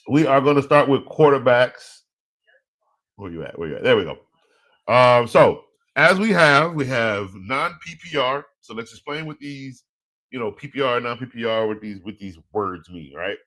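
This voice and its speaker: A man hosting a fantasy football show, talking casually, joking and laughing, with slang. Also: on the low side. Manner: animated, joking, laughs often, speaks in slang. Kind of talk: casual live-stream talk.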